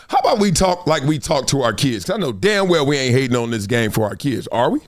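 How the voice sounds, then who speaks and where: Speaking briskly, this male sports podcast host keeps the commentary lively and forceful. His fairly high voice rises and falls sharply to hammer home each point, and he performs quotes and laughs a lot along the way.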